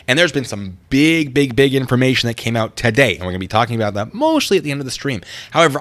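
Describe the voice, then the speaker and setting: A man's voice: mid-range voice, fairly bright tone. A man hosting a casual livestream, rambling and easily distracted as he reads out and answers chat comments.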